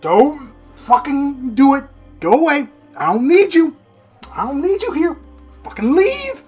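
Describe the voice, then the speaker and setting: A man voicing a desperate teenage boy yelling at his mother to leave. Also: extremely high pitch, big pitch swings, measured pace, soft background music, pitched above the performer's own voice, full character voice. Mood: angry. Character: anguished teenage boy lashing out.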